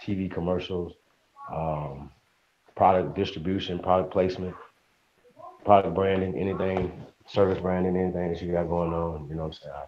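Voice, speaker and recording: Deep-voiced male stream host, upbeat slang, lo-fi sound with faint hiss. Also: steady tone, normal speed, darkish tone. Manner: greets viewers by name, slangy and upbeat. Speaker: livestream host. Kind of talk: casual livestream chat. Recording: dull lo-fi stream audio with faint noise.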